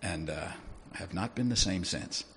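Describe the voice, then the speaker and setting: Gravelly low-voiced male preacher. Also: normal speed, a little hiss or hum. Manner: animated, conversational, asks the audience questions. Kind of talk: sermon.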